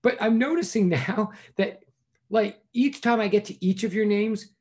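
Male professor, casual online lecture, chatty and scattered, slightly high pitch. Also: normal speed, a little mellow. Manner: rambling, full of fillers, telling corny jokes. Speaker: physics professor.

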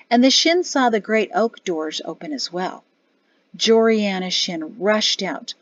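A woman narrating an audiobook in a measured storytelling voice. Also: medium pitch, no echo, highs cut off. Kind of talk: scripted narration.

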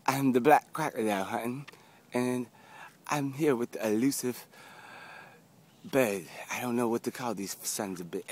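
A man outdoors near a house, filming on a handheld camera and doing a put-on Australian accent as a mock wildlife host. He talks in a hushed, nervous, profane way. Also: mid-range voice, moderate pace, long pauses. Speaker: vlogger.

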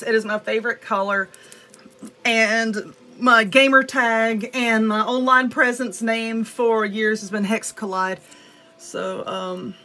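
Excitable Southern woman unboxing. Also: on the high side. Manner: excitable, gushing, talks to viewers as y'all. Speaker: nail art vlogger. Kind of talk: casual unboxing chat.

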